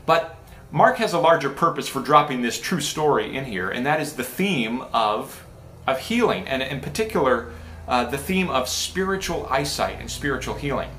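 Casual pastor preaching in an echoey church. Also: male voice, medium pitch, expressive, normal speed, a bit bright, slight background noise. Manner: casual and talky, with many restarts and asides. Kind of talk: conversational sermon. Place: church sanctuary.

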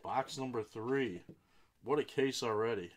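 A man hosting a live trading card break, reading out each card and buyer's name and bursting into excited exclamations over big hits. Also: mid-range voice, a little slow, a little hiss or hum.

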